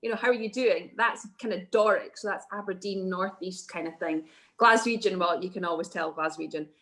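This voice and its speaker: A woman's voice: fairly low pitch, brisk, a bit bright. A woman, explaining things wryly in a casual video-call chat. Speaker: podcast guest.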